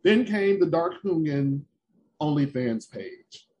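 A man hosts a casual podcast interview with a fairly high voice that swings up and down a lot. He asks questions and reacts with short, quick responses. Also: highs cut off. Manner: brief listening responses and lively reactions. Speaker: podcast host.

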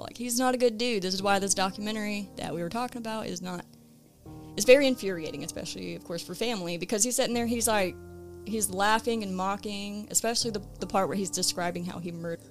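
True-crime podcast host, woman, relaxed conversational storyteller, mid-range voice. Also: medium pitch, fast talker, soft background music. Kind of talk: casual storytelling of a case.

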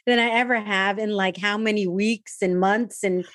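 A woman's voice: medium pitch, steady tone, normal speed, fairly bright tone, no echo, clean studio sound. A woman hosting a podcast, chatty and gushing, sprinkling Spanish words into her English. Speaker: podcast host. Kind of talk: casual interview chat.

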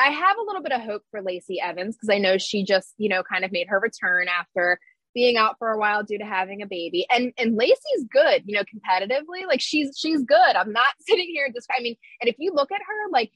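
A woman's voice: on the high side, a bit bright, dry recording, rough recording. A woman co-hosting a casual podcast chat, blunt and ranting, laughing often. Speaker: podcast co-host.

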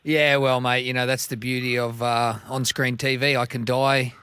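A man's voice: mid-range voice, flat delivery, moderate pace, pushed and bright, clean tone, no echo. A man co-hosting sports radio, firing off blunt quips. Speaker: radio co-host.

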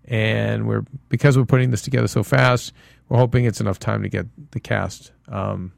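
A man's voice: lowish voice, fairly even intonation, normal speed, vocal fry, no echo. A man hosting a casual TV-talk podcast, rambling with frequent restarts. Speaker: podcast host. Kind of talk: casual chat.

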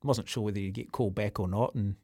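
A man hosting a sports radio show, telling stories in a rambling, animated way. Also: on the low side, fast talker, no room sound, studio quality. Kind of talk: casual radio chat.

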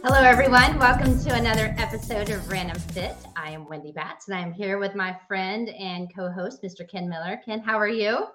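A woman's voice: medium pitch, fairly even intonation, a little fast, hardly any pauses, fairly bright tone, faint music behind. A woman co-hosting a podcast, introducing her guests with enthusiasm. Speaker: podcast co-host.

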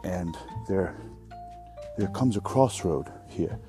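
A deep-voiced man rambles through a casual podcast monologue, drifting between thoughts and stopping to correct his own phrasing. He curses freely and sounds offhand. Music plays clearly underneath him. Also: lively intonation, slow. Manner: meandering, swears, corrects himself mid-sentence. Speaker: podcast host; restaurant worker.

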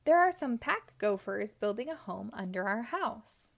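A woman's voice: fairly high pitch, big pitch swings, unhurried, vocal fry, full character voice. A woman voicing a cheerful, brave male hero in a children's story. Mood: upbeat.

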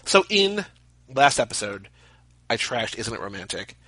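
A man's voice: mid-range voice, very animated, measured pace, bright, forceful tone, no room sound, poor audio. A man co-hosting a podcast, chatting casually about movies with jokey, rambling asides. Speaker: podcast co-host. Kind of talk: casual movie commentary chat.

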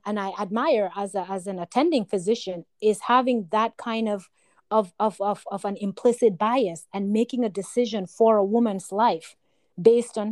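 A woman's voice: medium pitch, dry recording. A woman physician co-hosting a casual panel discussion, explaining a point with many repeated words and hesitations. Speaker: physician co-host.

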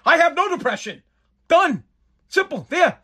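A man's voice: extremely high pitch, very animated, unhurried, a bit bright, pitched above the performer's own voice, heavily acted. A man doing a mocking impression of a smug, rich famous woman who waves off sadness. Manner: mocking, breezy.

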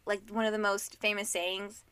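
Young woman chatting books on a podcast, bright voice, dry close mic, lots of like. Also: medium pitch, flat delivery, normal speed, smooth, no echo. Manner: chatty, laughs often, lots of "like". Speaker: podcast co-host. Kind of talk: casual book chat.

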